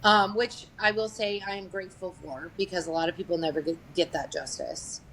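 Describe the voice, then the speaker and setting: A woman's voice: fairly low pitch, fairly even intonation, brisk, a bit bright, a little hiss or hum, poor audio. A woman telling a true family story in a candid, conversational way. She is blunt, swears freely and speaks matter-of-factly, with frequent fillers. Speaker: guest sharing a family story.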